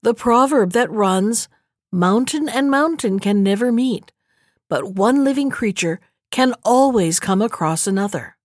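A woman voicing a mother stork who begs to be spared, in a high, urgent voice. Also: expressive, measured pace, no room sound, studio quality. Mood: gentle.

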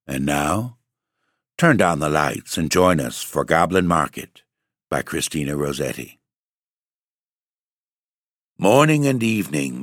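A man's voice: extremely low pitch, fairly bright tone, no echo, clean studio sound. A man hosting and reading a long poem aloud in an ominous, theatrical way. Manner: ominous, drawn-out theatrical delivery. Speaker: narrator and host.

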